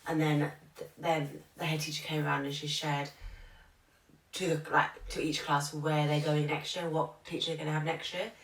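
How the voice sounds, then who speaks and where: A woman's voice: low-pitched, little pitch movement, normal speed. A young woman who teaches primary school, chatting on a podcast and telling stories in which she acts out what other people said. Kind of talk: casual podcast chat. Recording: echoey room, far from the mic.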